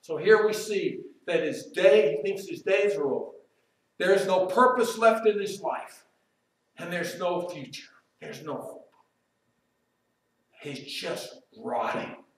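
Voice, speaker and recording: A man preaching a sermon, turning loud and emphatic as he quotes, then dropping quiet and slow to reflect. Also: sits high, expressive. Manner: emphatic, rises loud when quoting Job, drops quiet and slow to reflect. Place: church sanctuary. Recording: very echoey room, voice from far off.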